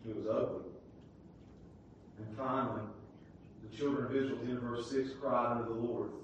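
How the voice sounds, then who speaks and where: A man preaching a sermon with great passion, dropping to a hush and then climbing to a shout. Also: medium pitch, fairly even intonation, moderate pace, lo-fi sound. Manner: impassioned preaching that swings from hushed to shouting. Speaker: pastor. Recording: echoey hall, distant mic, faint hiss.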